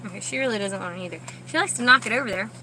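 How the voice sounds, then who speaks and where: A woman's voice: racing, bright, forceful tone, a little hiss or hum, poor audio. Chatty woman in a parked car. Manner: chatty and rambling, talks to her dogs in a high baby voice. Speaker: vlogger with service dogs. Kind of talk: casual chat.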